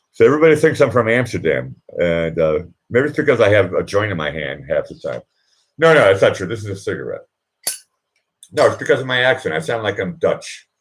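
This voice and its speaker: A man with a low voice chats loosely to his live viewers, his pitch swinging up and down as he rambles. He laughs often, trails off with fillers and jumps from one anecdote to the next. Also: big pitch swings, fairly quick. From Boston. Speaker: live stream host. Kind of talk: casual chat to live viewers. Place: indoors at home.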